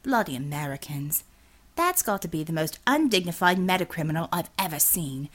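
A woman's voice: lowish voice, lively intonation, normal speed. A woman voicing a sardonic winged male hero who swears and mocks. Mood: sarcastic. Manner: sarcastic, swearing, impatient. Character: sardonic winged male metahuman, blunt and mocking.

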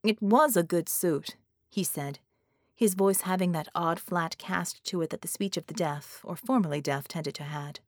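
A woman narrating an audiobook in a steady, measured storytelling manner. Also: lowish voice, no room sound, studio quality. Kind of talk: scripted narration.

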